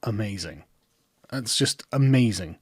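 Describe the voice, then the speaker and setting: A man's voice: on the low side, animated, unhurried, breathy edge, no room sound. A man giving sarcastic commentary in a mocking, incredulous way, close to the mic. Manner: mocking, incredulous, breaks into laughter. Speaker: online commentator.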